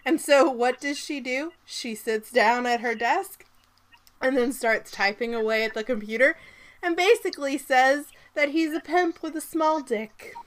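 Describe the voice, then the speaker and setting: A woman with a light Southern accent co-hosting a casual podcast, recapping a movie in an animated way and swearing often. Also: high voice, measured pace. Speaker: podcast co-host.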